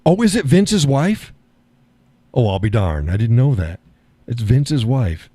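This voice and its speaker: Folksy older man with a mellow voice. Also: medium pitch, very animated, measured pace, no echo. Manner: folksy, sardonic, chuckling often. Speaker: live stream host. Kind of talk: casual political chat.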